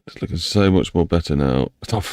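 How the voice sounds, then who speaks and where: A man's voice: low voice, fairly quick, darkish tone, smooth, no echo. A man with an English accent chatting casually on a live stream while he builds a game map, rambling and talking to himself and to chat.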